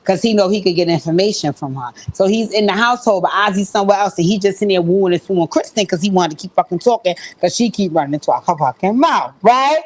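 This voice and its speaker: A woman recapping a TV episode in a casual, animated way, full of profane slang. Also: mid-range voice, fast talker, few pauses. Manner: acts out quoted lines in shifting voices.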